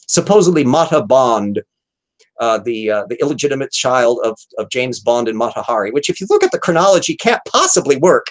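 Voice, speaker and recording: A man's voice: a little high, rough recording. A man hosting an aftershow, chatting casually and rambling about old films with many fillers and restarts. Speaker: host.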